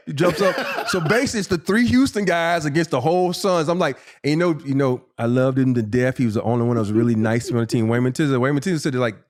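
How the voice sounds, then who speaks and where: A man in his fifties, a former basketball player and podcast guest, telling a profane, animated story and acting out what people said. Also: a little high, fast, few pauses. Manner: animated, profane, acts out quotes in a raised voice. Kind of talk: casual storytelling.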